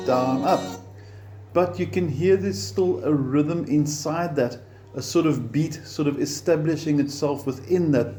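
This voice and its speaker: A man teaching a beginner guitar lesson step by step, patient and encouraging, counting the beats aloud. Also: on the high side.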